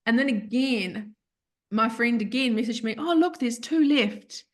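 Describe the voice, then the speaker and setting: A woman's voice: on the high side, unhurried. Chatty woman telling a story. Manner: chatty, animated, acts out quoted voices, laughs often. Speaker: guest. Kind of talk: casual storytelling.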